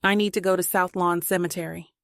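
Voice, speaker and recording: A woman's voice: on the low side, steady tone, brisk, no room sound, clean studio sound, close to an everyday voice. A woman reading a weary male detective. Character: troubled male detective, brooding.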